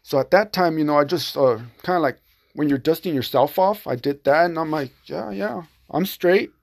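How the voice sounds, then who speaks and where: A man's voice: fairly high pitch, fairly quick. A man casually telling a first-person story on his podcast, rambling with lots of fillers and acting out quoted exchanges.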